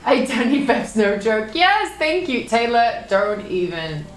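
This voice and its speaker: A woman's voice: fairly high pitch, sing-song, a little slow, echoey room, slight background noise. A young woman streaming live, reading her chat aloud with swearing and lots of laughter. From United Kingdom.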